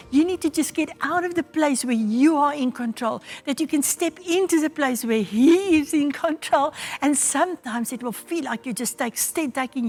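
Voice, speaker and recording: A South African woman pastor giving a devotional sermon, telling a story and acting out the voices in it. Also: sits high. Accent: South African English. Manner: storytelling, acts out quoted voices.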